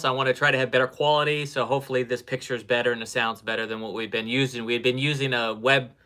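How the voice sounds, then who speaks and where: A man's voice: mid-range voice, steady tone, fast, bright, forceful tone. A man from the United States hosting a live webcast over his cell phone, upbeat and greeting viewers by name. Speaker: host. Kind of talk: casual live webcast chat.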